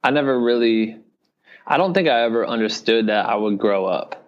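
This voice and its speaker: A man's voice: medium pitch, normal speed, highs cut off. A young man from Iowa, a podcast guest, talking casually and rambling, often adding "you know what I mean". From Iowa, United States. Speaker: podcast guest, video director. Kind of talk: casual interview talk.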